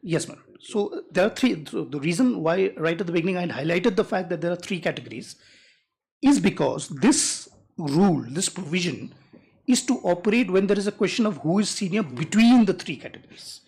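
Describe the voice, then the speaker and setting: Advocate, husky voice, deliberate courtroom argument. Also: mid-range voice, expressive, darkish tone. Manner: measured, deliberate, reads rules aloud slowly. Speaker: advocate arguing before a judge.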